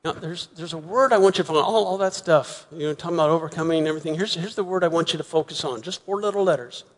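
A man preaching a sermon as pastor, earnest, often repeating words and slowing to soft, emphatic pauses. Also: fairly high pitch. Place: church sanctuary. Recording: long hall reverb.

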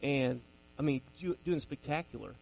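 A man's voice: medium pitch, normal speed, creaky, lo-fi sound, a little hiss or hum. A man in his forties preaching a sermon, telling personal stories in a conversational, self-deprecating way.

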